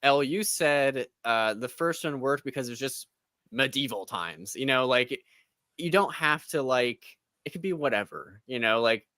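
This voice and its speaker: A man's voice: medium pitch, animated, moderate pace, sharp tone, dry recording, clean studio sound. A man co-hosting a casual spoiler chat, ranting in an exasperated tone and mocking what he dislikes with quoted asides. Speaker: podcast co-host.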